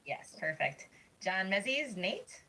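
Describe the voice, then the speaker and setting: A woman's voice: mid-range voice, sing-song, unhurried, sharp tone, slight background noise, rough recording. Upbeat chatty woman hosting a table read. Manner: chatty, filler-laden and upbeat. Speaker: host of a script reading. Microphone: video call.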